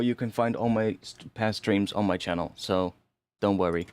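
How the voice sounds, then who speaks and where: Low-voiced man thinking aloud. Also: normal speed, darkish tone, clear, resonant tone. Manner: thinks aloud, rambling, restarts and mild swearing. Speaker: music producer streaming a session. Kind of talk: casual live-stream commentary while producing.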